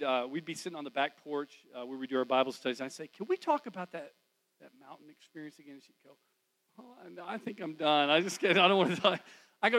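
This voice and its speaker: A man preaching in church as a pastor, telling a personal story in a conversational way that swings from loud to hushed. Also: fairly high pitch, low-quality recording. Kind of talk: storytelling sermon.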